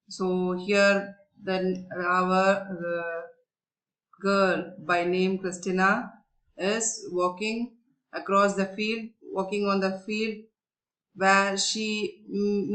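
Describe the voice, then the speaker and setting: Slow, patient teacher. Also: female voice, mid-range voice, fairly bright tone, rough recording. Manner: explains patiently, asks and answers her own questions. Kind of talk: classroom story lesson.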